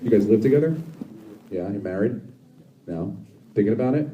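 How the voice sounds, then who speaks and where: A man in his thirties delivers brash, profane stand-up in a club, bantering with the crowd in a lowish voice with lively intonation and a slightly fast pace. The audio is dull and echoey from a distant mic, with background noise and the audience laughing.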